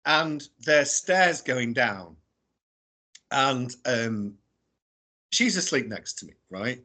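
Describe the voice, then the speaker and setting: A British man, a guest explorer, telling a story casually and in an animated way, often adding tag questions and laughing as he talks. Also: medium pitch, slow. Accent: British English. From England. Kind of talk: casual storytelling on a radio show.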